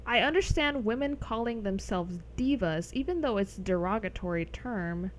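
A young woman chats loosely while streaming a game, rambling from one thought to the next with frequent laughs. Her voice sits at an ordinary middle pitch for a woman, casual and unscripted. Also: animated, normal speed, slight background noise. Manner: rambling, chatty, laughs often. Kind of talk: casual live-stream chat over gameplay.

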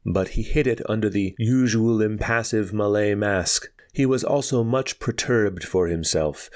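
A man narrating a pulp story aloud in a measured, dramatic reading. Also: lowish voice. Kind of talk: audiobook narration.

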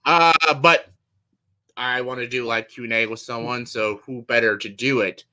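A man's voice: mid-range voice, fairly even intonation, normal speed, crowd noise. A man from Canada hosting a casual live-stream chat, joking around, swearing and laughing often. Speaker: channel host.

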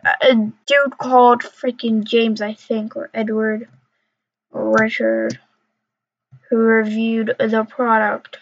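Slow-talking young woman rambling over gameplay. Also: a little high, level tone, gravelly. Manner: rambling, mumbling to herself, jokey trash talk. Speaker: gamer. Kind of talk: casual gameplay commentary. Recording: dull lo-fi recording.

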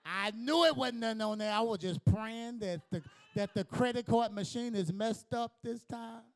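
A male pastor delivering a sermon in a strikingly high voice. He preaches emphatically, rising to shouts and then dropping to hushed lines. Between points he slips into casual, colloquial asides to his congregation. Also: moderate pace, low-quality recording.

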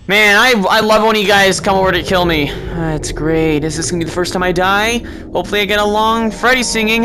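A man giving let's play commentary, sarcastic and excitable, taunting the game's characters, swearing, and breaking into panicked yelling. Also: sits high, brisk, hardly any pauses, music in the background. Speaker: gamer.

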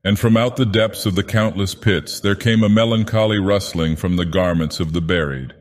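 A man's voice: sits low, moderate pace, natural voice. A man voicing a grandiose, menacing ancient god-villain as he narrates a horror tale solemnly. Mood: brooding. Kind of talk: dramatic horror reading. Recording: long reverb.

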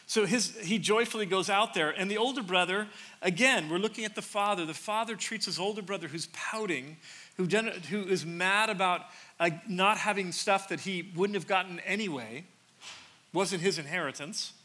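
A middle-aged man preaches to a congregation in a large church sanctuary. His voice is bright and sits a little high for a man. He talks in a loose, conversational way, restarting phrases and slipping into quick asides. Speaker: pastor. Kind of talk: sermon.

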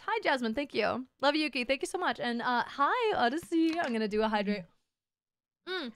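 A bubbly woman live-streamer with a high, smooth voice, chatting close to the mic in a dry, dead room. She jumps between thanking viewers and crude, teasing banter, and she laughs easily. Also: animated, normal speed, fairly bright tone, dry recording. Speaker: VTuber streamer. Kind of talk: casual live-stream chat.

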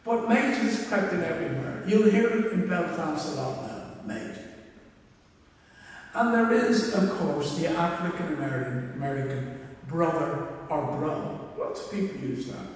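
A man's voice: a little high, expressive, measured pace. A man preaching a sermon as a minister, chatty and humorous, with asides. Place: church. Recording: echoey church hall from far off.

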